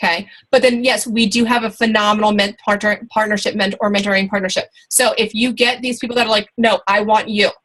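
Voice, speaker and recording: A woman's voice: medium pitch, steady tone, quick pace, hardly any pauses, a bit bright, poor audio. A woman in her thirties giving a motivational team training talk, chatty and encouraging, full of fillers and restarts. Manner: chatty, encouraging, many fillers and restarts, acts out quoted people.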